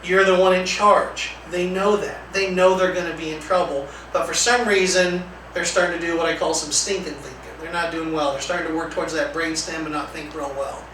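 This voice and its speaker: A man leading a training lecture, talking conversationally and acting out calm example lines. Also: a little high, fairly quick, hardly any pauses. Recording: echoey room from far off, faint noise.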